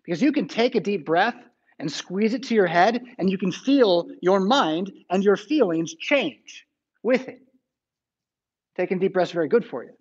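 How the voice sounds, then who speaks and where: A male pastor preaching a sermon in an earnest manner that builds to fervent, near-shouting passages. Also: high voice, animated, moderate pace, breathy edge, dull audio.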